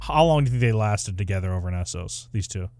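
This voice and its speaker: A man's voice: lowish voice, animated, fast talker, a little mellow, dry recording. A man co-hosting a casual podcast, rambling and hesitant as he ranks characters, with a playful edge. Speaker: podcast co-host. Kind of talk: casual chat.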